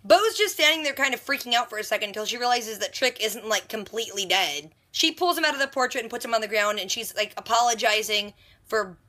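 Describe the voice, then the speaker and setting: Woman vlogger, bright and higher-pitched, casual excitable recap delivery. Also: quick pace. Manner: chatty and animated, exclaiming in disbelief. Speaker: TV reaction vlogger.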